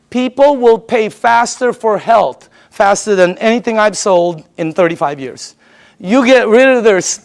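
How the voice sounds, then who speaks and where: A middle-aged man giving a live sales pitch to an audience, emphatic and chatty, repeating listeners' answers back to them. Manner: chatty and excitable, laughs between points. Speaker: sales presenter.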